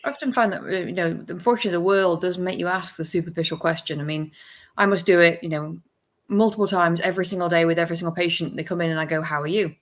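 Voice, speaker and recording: A woman's voice: lowish voice, fairly even intonation, fast. A woman clinician chatting on a podcast, telling stories about patients and acting out their replies. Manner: chatty storyteller, acts out patient exchanges. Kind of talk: podcast conversation.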